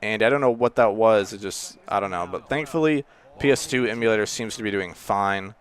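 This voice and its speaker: A man casually commenting on his own football video game play, rambling between plays and exclaiming loudly when something happens. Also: on the low side, a little fast. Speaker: gaming channel host.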